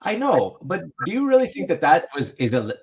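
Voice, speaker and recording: A man's voice: fairly high pitch, wildly swooping pitch, fairly quick, darkish tone, husky. A man co-hosting a podcast in casual chat, reasoning aloud and asking "right?" and "you know what I mean?". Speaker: podcast co-host.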